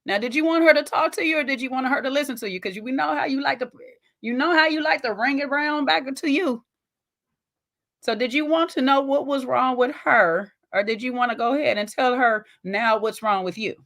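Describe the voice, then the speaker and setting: A woman with a bright, high voice riffs through casual reaction commentary. She is sassy and emphatic, and she talks directly at the viewer as if they were sitting across from her. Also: fairly quick. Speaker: reaction video host.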